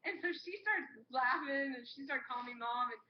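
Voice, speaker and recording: High-voiced woman telling stories animatedly. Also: fairly quick. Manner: animated, acts out what people said. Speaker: co-host of a live crafting show. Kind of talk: casual storytelling chat. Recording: muffled live-stream audio with faint hum.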